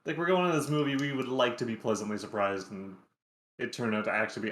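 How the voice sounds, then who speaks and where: A man co-hosting a casual podcast, talking quickly and hedging with lots of fillers. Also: medium pitch, steady tone, a bit bright.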